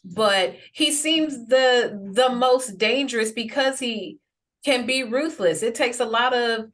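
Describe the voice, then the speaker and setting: A woman's voice: on the high side, slow, a bit bright. A woman hosting an interview, asking long, rambling questions full of fillers. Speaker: host. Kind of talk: interview conversation.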